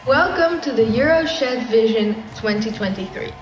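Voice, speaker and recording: A woman's voice: a little high, expressive, measured pace, soft background music. A woman hosting a mock song-contest show in a formal yet playful announcer tone. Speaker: host. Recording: echoey room, from far off.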